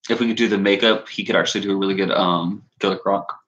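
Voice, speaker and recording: A man's voice: low-pitched, steady tone, fast talker, fairly bright tone, lo-fi sound. A young man chatting casually with a friend in a rambling way, full of fillers and restarts. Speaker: co-host of a fan-film channel. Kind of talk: casual chat.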